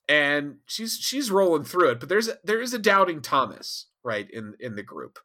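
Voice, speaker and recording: A man co-hosting a podcast, telling a rambling, animated recap with frequent asides. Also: on the high side, normal speed, hardly any pauses. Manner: rambling, animated, laughs often. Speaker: podcast co-host. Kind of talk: casual recap chat.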